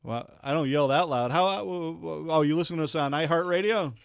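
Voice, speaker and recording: A man's voice: a little high, fairly quick, gravelly, smooth, no echo, studio quality. A man hosting a casual radio talk show, teasing callers playfully and laughing often between his lines. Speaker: radio show host and chef. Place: radio studio.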